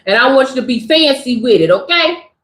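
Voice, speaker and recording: High-pitched woman preaching slangy livestream talk. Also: brisk, reverberant. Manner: animated, preachy, slangy, addresses "collective". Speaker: spiritual livestream host. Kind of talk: casual livestream talk to a chat.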